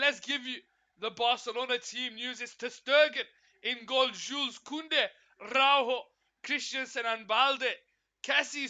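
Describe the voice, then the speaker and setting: A man's voice: extremely high pitch, bright, forceful tone. A man hosting a live football watchalong, chatting to his viewers by name and calling out the team news with hype. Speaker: watchalong host.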